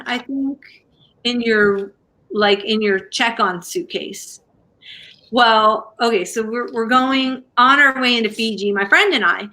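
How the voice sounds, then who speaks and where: A woman hosts a livestream in a casual, chatty way. She rambles through her stories with plenty of fillers. Her voice sits a bit high and sounds bright and forward. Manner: chatty storyteller with many fillers. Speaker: livestream crafting host. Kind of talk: casual chat to a live audience.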